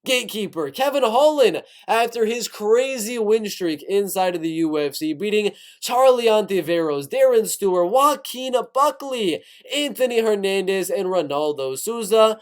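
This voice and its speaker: High-voiced excitable man on fight news. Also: moderate pace, hardly any pauses. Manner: excitable, asks viewers questions directly. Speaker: MMA news YouTuber. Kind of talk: casual sports news commentary.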